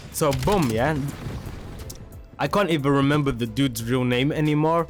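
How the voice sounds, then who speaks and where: A young man streaming a game tells a slang-heavy story casually, breaking off now and then to react to the action. He speaks at normal speed in a mid-range voice with long pauses, over game music and gunfire.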